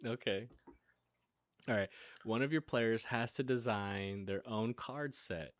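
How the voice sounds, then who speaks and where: A man's voice: lowish voice, slow, dry recording, clean studio sound. A man hosting a casual chat, reading playful questions and laughing often. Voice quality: laughs often while asking. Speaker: podcast host asking questions.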